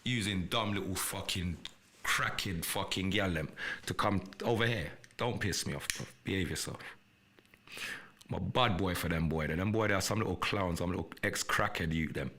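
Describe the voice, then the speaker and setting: Defiant, profane man with a sharp voice. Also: sits low, normal speed. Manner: profane, defiant, repetitive and threatening. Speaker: live podcast host. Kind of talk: confrontational livestream rant.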